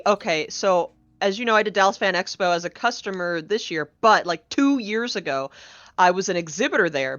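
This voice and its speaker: A woman chatting casually as a guest, an animated storyteller who acts out the people she quotes. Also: medium pitch, no room sound, lo-fi sound. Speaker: guest, game co-developer. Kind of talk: casual podcast chat.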